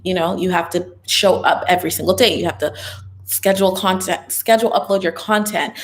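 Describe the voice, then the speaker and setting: A young woman chatting on a livestream in a casual, upbeat way, handing out advice in an easy flow with lots of "um" and "like". She sounds tired and a little loopy. Her voice sits at a middle pitch. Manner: chatty and upbeat, advice-giving, with frequent fillers. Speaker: online business content creator hosting a live Q&A.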